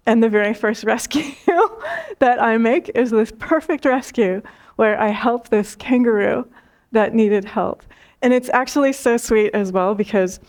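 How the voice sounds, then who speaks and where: Female spiritual teacher, slightly high voice, gentle storyteller who repeats phrases for emphasis. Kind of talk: spiritual talk.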